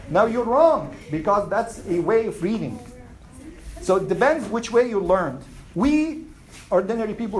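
A woman teaching a Quran class, asking her students questions and reciting Arabic verses quickly. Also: mid-range voice, a little mellow, slight background noise, poor audio. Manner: asks the class questions and answers them. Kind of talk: classroom lesson.

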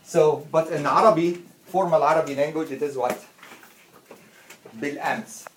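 A teacher giving a classroom lesson to students, patiently repeating words slowly and often. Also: medium pitch, fairly even intonation. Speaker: Arabic teacher. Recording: roomy classroom with faint noise.

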